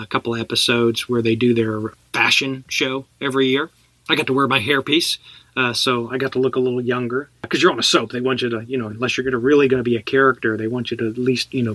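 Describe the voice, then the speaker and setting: A man's voice: mid-range voice, bright, forceful tone, dry recording. A middle-aged man from Texas, an actor guest telling anecdotes in a casual podcast chat, laughing as he talks.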